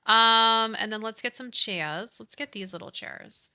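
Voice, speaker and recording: A woman in her thirties with a slightly high, clean-toned voice speaks a little slowly while gaming in a life-sim on stream. Animated and chatty, she reads messages from chat and reminisces about childhood and movies with her viewers.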